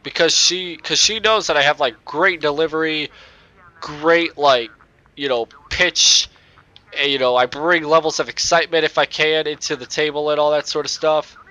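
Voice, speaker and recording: A young man with a nasal voice, rambling excitedly and swearing at the game while he plays and chats on a cheap microphone. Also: a little high, moderate pace, no room sound. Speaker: gaming YouTuber. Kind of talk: casual gameplay commentary.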